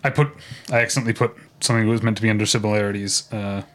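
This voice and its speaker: A man's voice: lowish voice, steady tone, racing, a bit bright. Chatty man co-hosting a podcast. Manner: chatty, laughs often, many fillers. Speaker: podcast co-host. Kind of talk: casual podcast chat.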